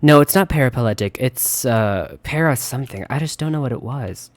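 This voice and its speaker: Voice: mid-range voice, animated, moderate pace, no echo. A streamer giving casual live commentary on a game at the computer, chatty and reactive, laughing and talking to chat. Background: quiet game music.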